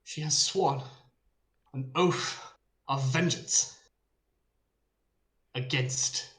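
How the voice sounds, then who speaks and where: A man's voice: medium pitch, drawn-out words, a bit bright, roomy sound, poor audio. A man voicing a pompous male herald making a grand, formal proclamation to a crowd. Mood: proclaiming.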